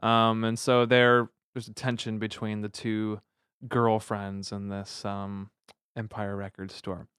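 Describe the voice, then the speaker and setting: A man co-hosting a casual podcast, walking through a movie's plot beats in a relaxed, self-mocking way. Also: fairly low pitch, slow, clean tone, no echo, clean studio sound. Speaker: podcast co-host. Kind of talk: casual chat.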